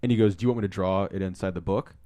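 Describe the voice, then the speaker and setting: A young man chats on a podcast, talking fast and getting excited as he tells his stories. He swears freely and acts out what people said to him. His voice sits a little low. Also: no room sound. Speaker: podcast co-host. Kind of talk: casual storytelling chat.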